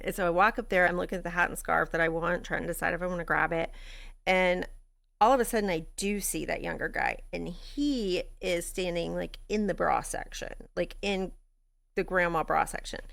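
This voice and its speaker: A woman with a Texan accent, a grief coach and podcast host telling a story in a blunt, profane, animated way. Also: lowish voice, vocal fry. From Texas. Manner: animated, blunt and profane, laughs between lines. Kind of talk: candid storytelling monologue.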